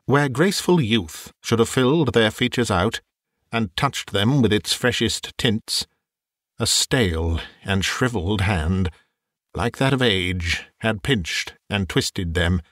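A man narrating a classic story as an audiobook, in a measured, expressive way. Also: lowish voice, no room sound, clean studio sound.

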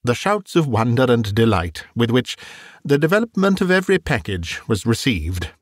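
Man, audiobook narration, expressive, measured, lively pitch, dry close mic. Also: no room sound. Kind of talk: scripted narration of a classic novel.

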